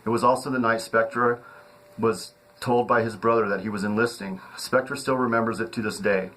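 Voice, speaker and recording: Man, fairly low voice, audiobook narration, steady reading, occasional slips and restarts. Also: normal speed, low-quality recording. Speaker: author reading his own novel.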